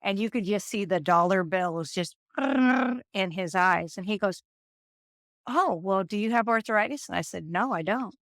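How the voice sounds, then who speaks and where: A woman in her fifties, a nurse, telling stories in an interview and acting out the people she quotes in an animated way. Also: mid-range voice, a little slow, dry recording, clean studio sound. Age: 50s. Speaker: nurse and guest. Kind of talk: storytelling interview.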